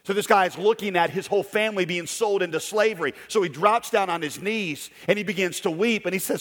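A male preacher with a fairly high voice delivers an emphatic sermon, rising to loud declarations and dropping to hushed storytelling. His voice rings out with a long echo through a large hall. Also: fairly quick, hardly any pauses. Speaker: pastor.

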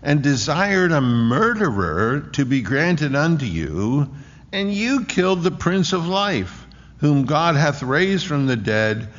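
A man preaching a sermon in an emphatic way, often restarting with quick repeated words. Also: a little high, sing-song, a bit bright. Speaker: pastor. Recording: echoey hall, dull lo-fi sound.

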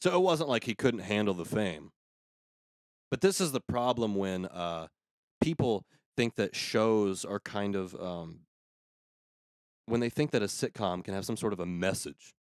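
A man's voice: lowish voice, expressive, no room sound. Sarcastic ranting man, dry sound. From United States. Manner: sarcastic, ranting, quick asides. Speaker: podcast host. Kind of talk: casual comedic banter.

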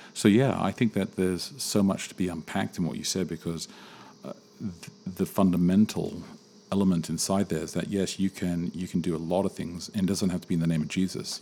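A man hosting a daily faith podcast, talking in an earnest, reflective way with halting restarts. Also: low-pitched, a little mellow, a little hiss or hum. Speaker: podcast host.

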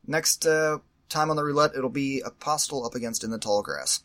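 A man's voice: mid-range voice, moderate pace, fairly bright tone. A man hosting a casual podcast chat, teasing his co-host, laughing often and running the segments.

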